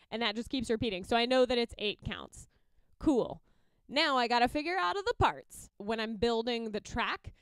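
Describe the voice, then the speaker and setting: A young woman with a higher, smooth and clear voice talks through her music process in a casual tutorial. She is chatty and upbeat and breaks into quick sung or beatboxed examples. The sound is dry and close, with no room around it. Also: no room sound.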